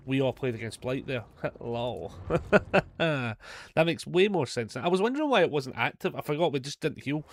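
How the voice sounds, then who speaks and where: A man with a Scottish accent chatting casually through a live gameplay stream, swearing often and joking at his own mistakes. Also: mid-range voice. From Scotland. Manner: chatty, swears a lot, quick to self-mockery. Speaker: gaming streamer.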